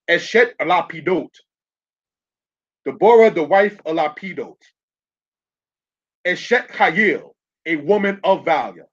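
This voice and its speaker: Man, congregation teacher, sermon with slides, fairly high voice, repeats points and checks in with listeners, dull lo-fi recording. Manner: repeats key phrases, checks in with the audience. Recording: dull lo-fi sound.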